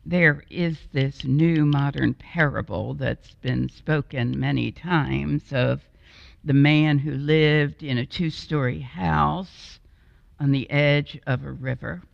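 A woman preaching a storytelling sermon in a slow, expressive way, acting out the voices in her story. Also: deep voice, gravelly, dry recording, in a large hall. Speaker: guest preacher. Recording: dull, lo-fi and dry.

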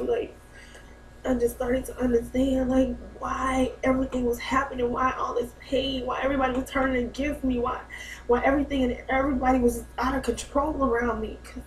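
Mom vlogging, heartfelt and rambly, roomy echo, bit off mic. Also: female voice, sits high, flat delivery, moderate pace, a little hiss or hum. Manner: heartfelt, rambling, laughs often. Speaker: new mother vlogging. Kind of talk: emotional personal vlog. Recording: echoey room, mic a bit far.

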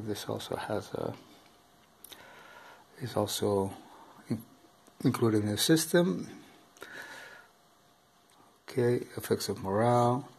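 A man talks slowly through a game rulebook, stopping often with ums and uhs as he reads. His delivery is halting and unpolished, like casual reading aloud for a camera over the table. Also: fairly low pitch, gravelly, darkish tone. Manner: hesitant, halting, full of uh and um. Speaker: board game unboxing host. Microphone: camera filming over the table.

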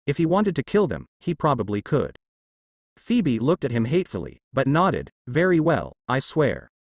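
A man narrating a fanfiction story in a steady, expressive scripted reading. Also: mid-range voice, normal speed, no room sound, muffled recording.

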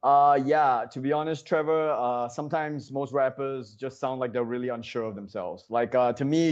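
A man's voice: medium pitch, steady tone, moderate pace, hardly any pauses, clean tone, muffled recording. A man doing comedic sketch banter as a correspondent, mock-indignant and heated, with lots of uh fillers.

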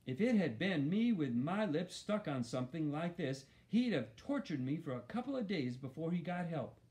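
A man narrating a children's novel in an expressive first-person storytelling voice. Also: fairly high pitch, moderate pace. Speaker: audiobook narrator.

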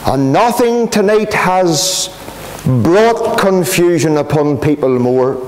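A man's voice: a little high, animated, slow pace, a little mellow, a little hiss or hum. A Northern Irish pastor preaching an emphatic, repetitive gospel sermon in a gospel hall, calling his listeners friends.

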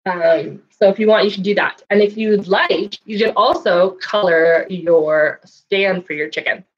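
A woman leading a children's story time and craft lesson, speaking in a sing-song, animated way and doing animal sounds for kids. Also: medium pitch, unhurried, muffled recording. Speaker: children's librarian.

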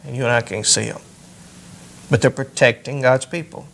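A man's voice: fairly even intonation, normal speed, vocal fry, fairly bright tone, slight background noise. A male pastor preaching a sermon, lifting his voice when he reads scripture aloud. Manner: rises in pitch and volume when reading scripture aloud.

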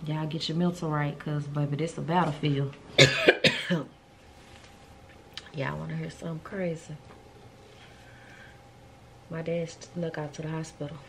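A woman vlogger telling stories in a casual, animated, colloquial way. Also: sits low, measured pace, pauses often, a little hiss or hum. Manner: chatty, animated, colloquial storytelling. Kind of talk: casual storytelling chat.

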